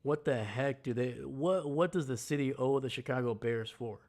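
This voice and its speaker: A man's voice: mid-range voice, moderate pace. A man hosting a casual live stream, ranting bluntly and heatedly about sports. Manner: greets chat viewers loudly. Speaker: livestream host.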